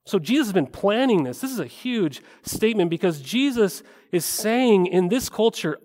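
A male pastor delivers a sermon in a casual, conversational manner, often checking in with rhetorical "right?" asides. His voice sits a little higher than most men's. A long reverb from the church hall trails behind every phrase. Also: sing-song, normal speed, hardly any pauses, darkish tone.

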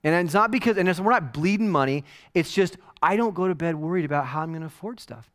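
A man's voice: a little high, lively intonation, fast talker, fairly bright tone. A man in his forties preaching a casual, joking sermon as a pastor in a church, with mock-quoted asides. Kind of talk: conversational sermon.

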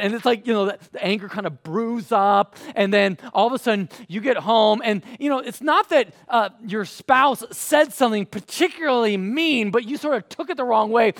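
A man in his thirties preaching a live sermon in a casual, animated way, moving between quiet asides and loud bursts. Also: very high voice, normal speed, vocal fry, hardly any pauses, dry recording, clean studio sound. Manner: casual, uses fillers. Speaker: pastor.

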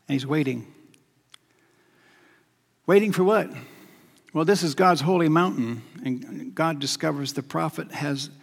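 A male preacher giving a sermon, measured and repetitive, often dropping to a quiet, weighty emphasis. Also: on the high side, gravelly, husky. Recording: long hall reverb.

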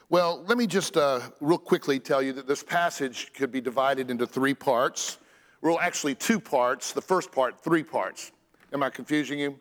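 Earnest male preacher in an echoey hall. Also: mid-range voice. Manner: earnest, lively preaching with stressed phrases and pauses. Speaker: pastor. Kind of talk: sermon.

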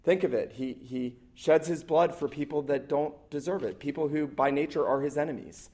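A man's voice: fairly high pitch, moderate pace, warm tone. A man preaching a sermon to a church congregation as the pastor, earnest and emphatic, stacking up short repeated phrases.

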